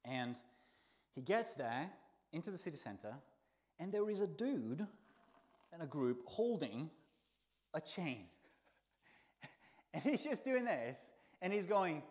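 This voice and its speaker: A man preaching a sermon in a church, telling the story with lively swings between soft, hushed lines and loud exclaims. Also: high voice, takes it slowly, pauses often. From not from the country where he preaches.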